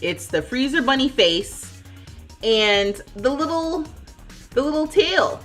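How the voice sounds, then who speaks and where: A woman in her thirties streams and chats casually while playing, her tone sharp and bright. She speaks slowly with big pitch swings, laughing easily as she thinks out loud over faint background music.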